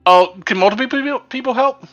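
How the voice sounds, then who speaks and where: A man's voice: very high-pitched, a little fast, fairly bright tone, muffled recording. A man playing in a tabletop game, casual and playful, often laughing. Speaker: player. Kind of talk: tabletop game play on stream.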